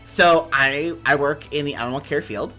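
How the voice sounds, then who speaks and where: A man from Canada hosting a stream interview, telling stories in an animated, campy way with a lot of likes. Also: on the high side, moderate pace, soft background music. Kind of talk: casual chat.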